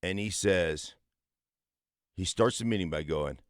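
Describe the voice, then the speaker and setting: A former football player and radio co-host in his fifties talks sports in a studio, speaking low and at a measured pace with emphatic conviction as he tells stories. The recording is dry.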